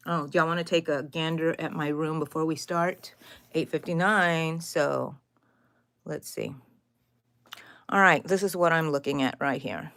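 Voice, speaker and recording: A woman's voice: low voice, steady tone, a little slow, fairly bright tone. A middle-aged woman, chatting casually on a crochet livestream from her craft room and greeting viewers by name. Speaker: crochet channel host.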